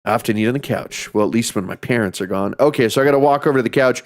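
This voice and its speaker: A man streaming a horror game, talking casually with lots of swearing, jokes and loud reactions. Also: medium pitch, very fast, hardly any pauses. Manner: profane, joking, often laughing and reacting loudly. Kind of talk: casual gaming commentary.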